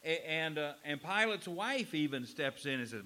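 A man preaching a sermon in an animated way, acting out quotes with voices. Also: a little high, normal speed. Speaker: pastor.

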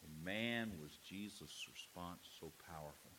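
A man preaching a sermon in an animated way, acting out quotes with voices. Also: sits low, measured pace, background noise. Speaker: pastor.

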